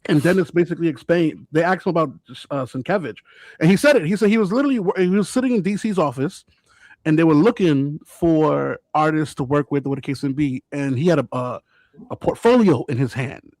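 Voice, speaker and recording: A man's voice: a little high, fairly quick, no room sound. A man co-hosting a casual podcast panel who tells stories with animation. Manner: animated storyteller. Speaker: podcast co-host.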